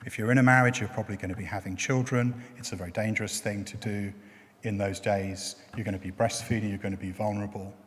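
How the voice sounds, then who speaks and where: A man's voice: lowish voice, steady tone, quick pace. Man preaching in a reverberant church. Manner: conversational, explaining with everyday examples. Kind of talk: sermon. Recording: long reverb of a church hall.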